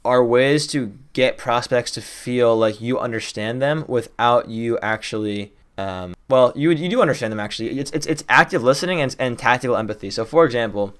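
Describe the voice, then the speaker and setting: A young man teaching cold-calling tips in a casual, excited way, riffing off the top of his head and talking quickly. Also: mid-range voice, clean tone. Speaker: sales trainer. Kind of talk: fast casual teaching to camera.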